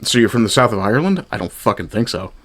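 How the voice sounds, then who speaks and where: A man from Newfoundland talks over video clips in a mocking, profane commentary. His voice sits a little low, and his tone stays sarcastic and dismissive throughout. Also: very animated, fast talker, a bit bright, a little hiss or hum. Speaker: commentary streamer.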